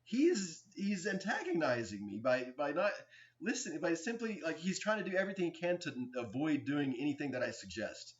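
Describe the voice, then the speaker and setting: A man in his forties giving a rambling, aggrieved personal account, halting often with restarts and fillers. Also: a little high, big pitch swings. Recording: dull lo-fi recording.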